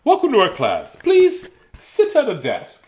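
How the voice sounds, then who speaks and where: A man doing a high, sing-song schoolteacher lady. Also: huge pitch swings, unhurried, a little mellow, full character voice. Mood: welcoming. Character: friendly female schoolteacher. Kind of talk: picture book read-aloud.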